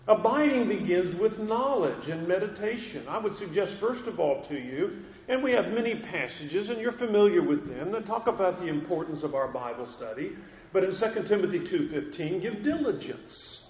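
A man with a fairly high voice delivers an earnest, deliberate sermon, often doubling back on his words. The recording is dull and muffled, with a long echo from a large church hall. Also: expressive, a little mellow. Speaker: pastor. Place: church sanctuary with a congregation.

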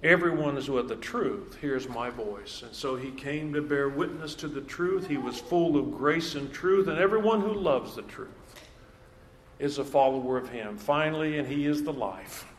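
A man preaching a sermon in an emphatic way, repeating key phrases and slowing down to stress them. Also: mid-range voice. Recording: echoey hall, faint background noise.

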